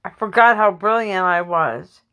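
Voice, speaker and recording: A woman's voice: mid-range voice, measured pace, pushed and bright. A woman voicing a vain, self-absorbed male former child star who sounds wistful.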